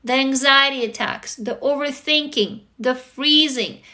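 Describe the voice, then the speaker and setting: Woman, tired livestream host, bright forceful tone, fairly high voice, candid and salty. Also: unhurried. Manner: candid, swears freely, rhetorical questions to viewers. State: tired, sleepy. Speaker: livestream host answering viewers. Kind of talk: casual livestream chat.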